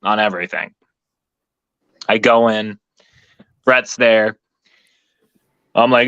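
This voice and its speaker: Bright-voiced, animated male storyteller. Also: mid-range voice, a little slow, pauses often, clear, resonant tone, dry recording, dull audio. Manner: animated, profane, laughing storyteller. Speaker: co-host. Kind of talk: casual storytelling chat.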